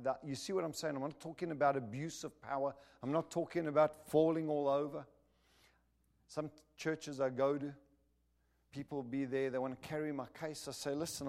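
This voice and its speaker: A middle-aged male pastor preaching a sermon, rising loud on key words and dropping soft and low as he prays.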